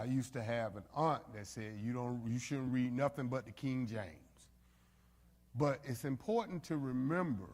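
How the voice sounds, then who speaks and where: A man leads a Bible study in a casual, conversational way, pausing on fillers and checking in with the group. His voice sits at an ordinary middle pitch. The sound carries a long reverberant tail, as if recorded in a church meeting room. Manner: conversational, frequent fillers, addresses the group directly. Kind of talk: informal Bible study teaching. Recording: reverberant hall.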